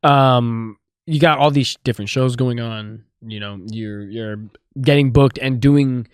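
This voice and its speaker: A man's voice: mid-range voice, a little slow, smooth, no echo, studio quality. A man hosting a podcast interview who asks long, easygoing, rambling questions. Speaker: podcast host.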